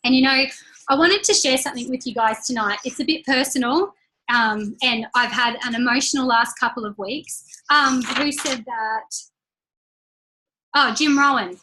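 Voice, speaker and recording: A woman leading a training call, giving an upbeat motivational talk in a chatty, personal way and repeating key lines slowly for emphasis. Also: sits high, sharp tone, a little hiss or hum, rough recording. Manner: chatty and personal, laughs between points.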